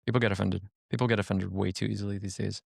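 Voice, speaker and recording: A man telling stories in casual chat on a podcast, animated and acting out quotes, with frequent swearing. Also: fairly low pitch, racing, vocal fry, no room sound, studio quality. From Hispanic family background. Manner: animated storyteller, acts out quotes, swears freely. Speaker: podcast guest. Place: podcast studio.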